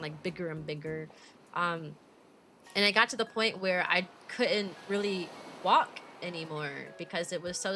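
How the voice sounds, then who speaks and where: A woman in her twenties tells a story on her stream in a casual, rambling way, packed with fillers. She sounds indignant as she retells it, with music playing clearly behind her. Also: fairly low pitch, sharp tone. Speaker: VTuber streamer.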